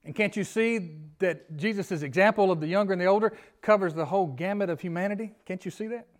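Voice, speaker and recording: Pastor, high voice, folksy sermon. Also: male voice, fast talker. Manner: folksy, asks the congregation questions, pleading rises. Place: church sanctuary.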